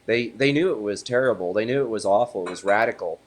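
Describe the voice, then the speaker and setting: A man's voice: on the low side, quick pace, few pauses. A man, an attorney, giving a political interview in an emphatic, argumentative way. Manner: emphatic, builds to forceful punchlines.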